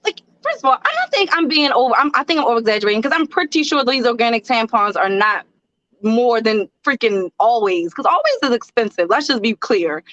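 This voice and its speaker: A woman co-hosts a casual talk show, speaking candidly and laughing often. Her voice sits a little high. The sound is dry, dull and lo-fi. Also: very animated, fairly quick, a bit bright, no room sound. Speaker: co-host. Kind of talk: casual chat.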